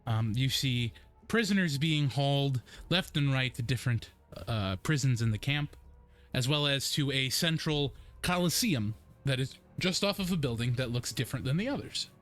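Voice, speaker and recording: A young man narrating a tabletop game as game master, unhurried and descriptive with frequent ums. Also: mid-range voice, expressive, fairly bright tone. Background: faint background music.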